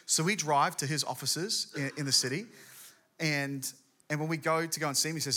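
A middle-aged man preaches a sermon, telling a personal story in animated, quick bursts. His voice is bright and forceful, sitting a little high for a man. He speaks as a guest pastor.

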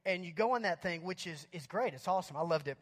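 A male pastor telling a humorous story in a sermon, chatty and animated, with lots of fillers. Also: high voice, fast talker. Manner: animated, chatty, many fillers like "like" and "you know".

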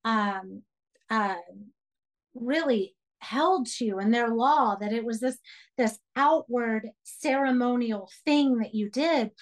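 A woman leading a Bible study for women, speaking earnestly and emphatically and urging listeners to take notes. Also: a little high.

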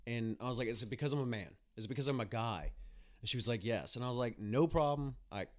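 A man's voice: medium pitch, fast. Blunt, profane young man ranting. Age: young adult. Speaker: podcast host, nurse. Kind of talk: casual podcast monologue.

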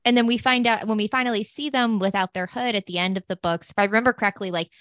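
Podcast co-host, woman in her thirties: mid pitch, dry close mic, rambling delivery. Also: quick pace, fairly bright tone, no echo. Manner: rambling, filler-heavy storytelling. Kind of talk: casual chat.

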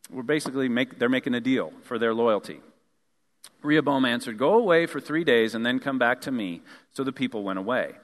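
A man's voice: medium pitch, a bit bright. A male pastor preaching a sermon, reading scripture and adding casual conversational asides. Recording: long reverb of a large hall.

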